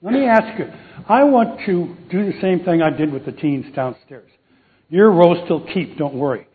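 A man's voice: a little high, lively intonation, normal speed. A man preaching a sermon, joking and quizzing the congregation with questions. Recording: tinny phone-like recording.

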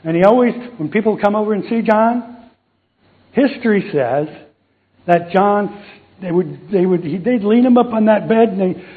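A man's voice: high voice, moderate pace. A man preaching a sermon, joking and quizzing the congregation with questions. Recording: tinny phone-like recording.

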